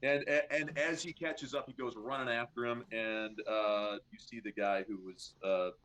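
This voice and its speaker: A man running a tabletop game as game master, speaking at a middle pitch. He narrates loosely, with plenty of ums and restarts. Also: steady tone, moderate pace, fairly bright tone. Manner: rambling narration full of fillers.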